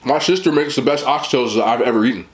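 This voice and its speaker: A man's voice: mid-range voice, quick pace, reverberant. A man hosting a casual eating vlog, chatting with his mouth full about the food. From West Indian family. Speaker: mukbang host.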